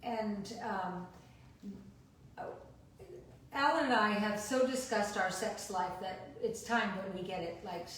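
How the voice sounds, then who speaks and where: An older woman in a frank, chatty conversation, often chiming in with quick agreement. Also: mid-range voice, fairly bright tone. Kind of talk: casual chat. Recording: echoey room, distant mic, faint noise.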